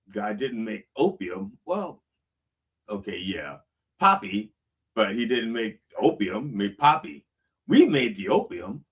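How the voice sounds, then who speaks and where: A pastor with a husky, mid-range voice is recorded from far off. He preaches casually, reading song lyrics aloud and unpacking them in a conversational style, frequently asking "okay?"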